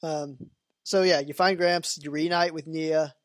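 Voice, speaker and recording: A man with a fairly high voice hosts a casual podcast, and he rambles loosely with lots of fillers. The sound is dry and close, with almost no room echo. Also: steady tone, measured pace. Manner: rambling, full of "you know" and "like" fillers. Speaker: podcast host. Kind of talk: casual chat about a video game.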